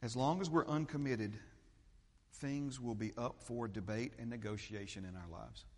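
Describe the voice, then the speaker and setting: Preaching man in an echoing hall. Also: moderate pace. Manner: preaching, swings between loud fervent peaks and low steady teaching. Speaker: pastor. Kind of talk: sermon. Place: church sanctuary.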